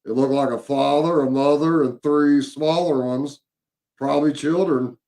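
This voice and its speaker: Gravelly man telling a story. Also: a little high, steady tone, warm tone. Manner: halting, many fillers and repeated words. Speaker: paranormal investigator. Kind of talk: casual storytelling chat.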